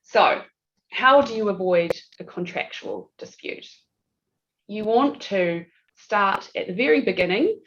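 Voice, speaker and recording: A woman's voice: mid-range voice, lively intonation, a little slow, fairly bright tone. A woman with a New Zealand accent presenting a legal webinar in a chatty, self-deprecating way with frequent fillers, over a video call. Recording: dull lo-fi video call audio.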